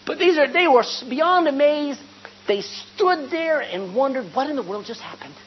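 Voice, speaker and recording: A woman preaching a sermon, retelling a scripture story with animated storytelling, asking the congregation questions and calling for amens. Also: high-pitched, normal speed. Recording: dull lo-fi recording with faint hum.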